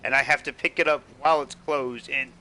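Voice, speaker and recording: A man's voice: mid-range voice, fairly even intonation, a little fast, sharp tone, a little hiss or hum. A young man streaming a game, joking and rambling casually as he comments and laughs at the scenes.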